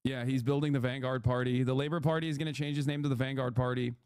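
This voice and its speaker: A man's voice: medium pitch, flat delivery, fast talker, a little mellow. A man hosting a stream with casual political commentary, brash and profane, cracking jokes as he talks. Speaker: streamer host.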